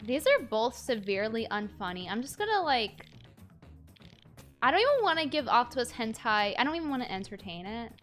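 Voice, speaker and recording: A woman's voice: a little high, big pitch swings, brisk, a bit bright. A woman streaming a party game with viewers, rambling and teasing her chat with bursts of mock outrage. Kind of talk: casual livestream chat. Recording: game music playing behind her.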